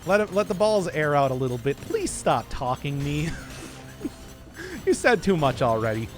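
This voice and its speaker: A man's voice: a little high, lively intonation, slow pace, long pauses, faint music behind. A man giving casual, joking commentary while playing a video game, often teasing himself. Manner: playful, joking, self-deprecating. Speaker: gaming streamer.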